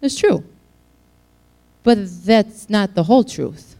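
Gravelly-voiced woman preaching casually. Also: mid-range voice, animated, takes it slowly, warm tone. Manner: chatty, joking, acts out scenes. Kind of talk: casual sermon.

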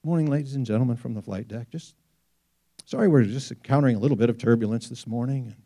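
A man voicing a calm male airline pilot making cabin announcements. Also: mid-range voice, pitched below the performer's own voice, lightly acted. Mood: calm, reassuring. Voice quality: soothing, brisk announcer delivery.

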